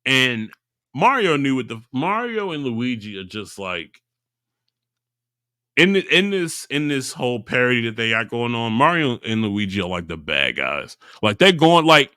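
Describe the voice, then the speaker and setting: On a casual podcast, a male co-host animatedly retells a story, laughing a lot and acting out the characters. He speaks at a medium pitch and moderate pace in a clear, resonant tone, and the studio-quality recording has no echo.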